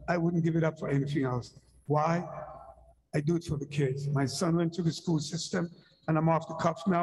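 A man's voice: a little high, darkish tone, big-room sound, poor audio. A man on a school board giving earnest, emotional remarks at a meeting, repeating his points like a sermon. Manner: earnest, emotional, preacherly repetition.

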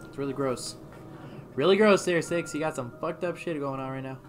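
A woman's voice: low voice, fairly quick. A woman playing a video game with her sister, chatting casually, swearing and teasing. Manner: swearing, teasing, bursts of laughter. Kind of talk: casual gaming banter. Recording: noisy home capture.

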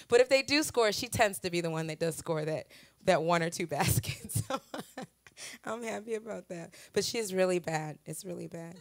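A woman's voice: fairly low pitch, no echo, clean studio sound. A woman from Wisconsin, a guest speaker at a church, sharing family stories in a chatty way, laughing often and poking fun at herself. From Wisconsin, USA. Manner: laughing, self-mocking, lively storytelling. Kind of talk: chatty personal sharing to a congregation.

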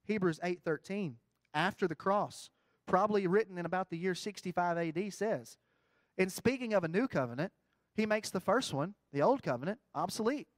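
A middle-aged man preaching a folksy sermon, swinging between quiet asides and loud, rising emphasis. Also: sits high, moderate pace, no room sound.

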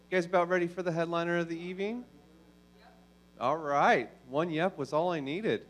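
A man emceeing at a comedy club, hyping up the next act in a quick, casual way. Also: on the high side. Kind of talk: introducing comedians.

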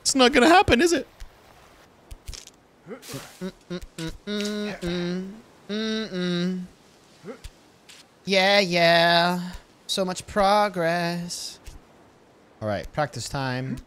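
A man's voice: sits high, animated, drawn-out words, pauses often, fairly bright tone. A man giving casual let's-play commentary, exasperated and swearing as he pleads with his game character. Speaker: gaming video host.

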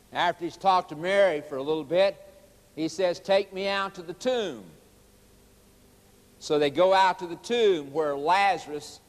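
A man preaching in a high, lifted voice, driving his points home with emphatic questions and quoted scripture. His words ring out with a long reverb trailing behind them. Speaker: evangelist. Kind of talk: sermon.

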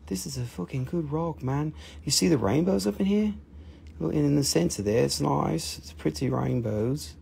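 A man's voice: fairly high pitch, normal speed, vocal fry, a little mellow, breathy edge. A middle-aged man hosting a live stream, selling rocks with profane, joking, rambling talk.

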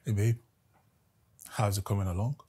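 An actor playing a meek young man with a Nigerian accent, speaking softly and apologetically to his girlfriend. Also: fairly low pitch, fairly even intonation, moderate pace, slightly rough. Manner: soft, apologetic, pleading.

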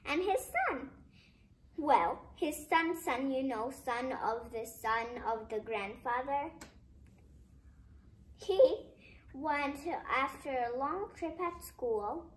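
A woman's voice: high voice, expressive, takes it slowly, low-quality recording. A woman telling a simple fable to listeners, hesitant, with restarts and chatty asides. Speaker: storyteller. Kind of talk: reading a fable aloud.

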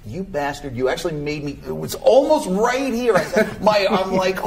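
A man hosting an interview, chatting casually and excitedly. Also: high-pitched, brisk, hardly any pauses. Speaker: interview host.

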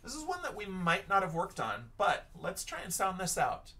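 A man's voice: high-pitched, wildly swooping pitch, moderate pace, sharp tone, far from the mic. A male teacher giving an online lesson for young children, patient and encouraging, sounding out words letter by letter.

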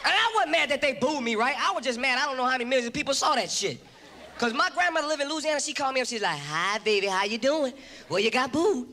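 A man from Long Beach doing a loud, profane stand-up set with animated impressions on a comedy stage. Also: extremely high pitch, racing. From Long Beach, California. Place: comedy stage before a live audience. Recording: live club show with a roaring crowd and noise.

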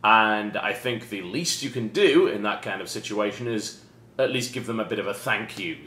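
A British man hosting a casual unboxing chat with dry, deadpan sarcastic humor. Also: fairly low pitch. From Britain. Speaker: host. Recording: roomy echo with faint noise.

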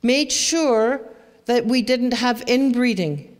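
A middle-aged woman speaks to an audience of parents in an emphatic, animated way, slipping in asides. Her voice sits a little high, and she takes her time. The sound carries the long reverb of a large hall. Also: takes it slowly. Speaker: presenter on teen brain development for parents. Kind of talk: presentation to an audience.

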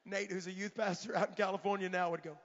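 A middle-aged man, an evangelist, preaching a fiery revival sermon in a large church, often shouting and counting down. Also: sits high, fairly even intonation, fast. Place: large church sanctuary at a conference. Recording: echoey church hall, dull lo-fi sound.

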